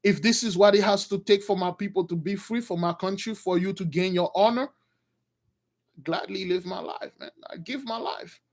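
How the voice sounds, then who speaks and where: A man voicing a devoted young daughter who speaks softly and calmly while retelling a story. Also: high-pitched, moderate pace.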